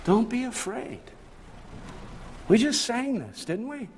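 A man's voice: very high voice, big pitch swings, takes it slowly, long reverb tail, a little hiss or hum. A male pastor preaching a sermon in a church, emphatic and full of rhetorical questions. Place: church sanctuary.

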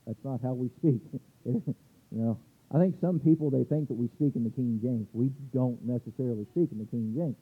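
A man's voice: mid-range voice, brisk, husky. A male pastor preaching a sermon, reading scripture verses aloud and stumbling over restarts as he explains. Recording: tinny phone-like sound.

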